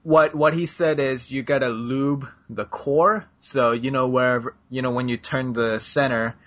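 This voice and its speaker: Casual podcast chatter comes from a male co-host who rambles with frequent fillers and laughter. He has a medium-pitched, slightly bright voice with a steady tone and moderate pace, recorded in dull lo-fi.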